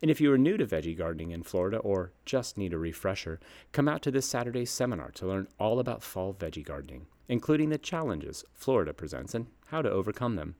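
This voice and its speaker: A man's voice: low-pitched, big pitch swings, fast talker, a little mellow. A man in his fifties, a garden nursery host reading his scripted column aloud in a folksy, upbeat storytelling way.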